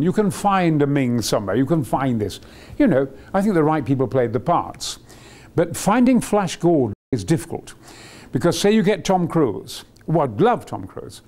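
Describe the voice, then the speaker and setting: An excitable older man tells rambling anecdotes about his work as an actor. His voice swings widely in pitch as he gets carried away, and he stumbles over fillers and restarts between bursts of enthusiasm. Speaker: actor being interviewed.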